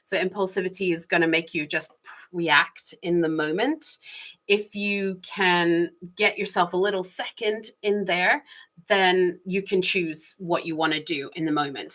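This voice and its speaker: A woman's voice: lowish voice, a bit bright. A woman talking through personal stories in a casual, reflective monologue, chatty and laughing lightly now and then. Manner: chatty, frequent small laughs, shifting pace. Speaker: vlogger.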